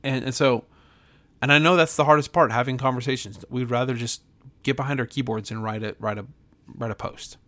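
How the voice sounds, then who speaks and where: A man's voice: mid-range voice, fairly even intonation, a little fast, fairly bright tone. A man, a pastor, preaching to his podcast audience in an earnest, emphatic way, often repeating himself and restarting phrases.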